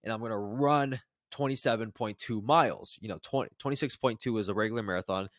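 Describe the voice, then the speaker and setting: A young man in his twenties recounts a personal story for a vlog in a loose, rambling way. He restarts sentences often, swears now and then, and talks with a lowish pitch. The sound is close and dry, with no room echo. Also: quick pace. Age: 20s. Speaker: vlogger. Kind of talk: casual storytelling to camera.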